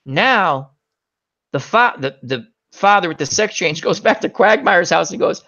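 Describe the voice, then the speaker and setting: Lively high-voiced man hosting a chat. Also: moderate pace, gravelly, muffled recording. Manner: animated joking storyteller. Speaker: chat show host. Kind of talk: casual chat.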